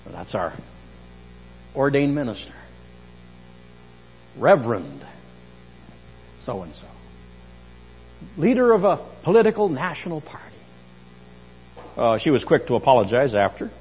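A man preaching a sermon in church as pastor, telling stories with emphasis and bursts of loud speech. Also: mid-range voice, wildly swooping pitch, a little slow, long pauses, breathy edge, big-room sound, highs cut off, soft background music. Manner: emphatic storyteller, rising to loud outbursts.

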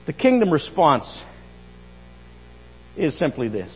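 Animated male pastor in reverberant church. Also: a little high, slow, slightly rough, dull audio, soft background music. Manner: emphatic storyteller, rising to loud outbursts. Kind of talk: sermon.

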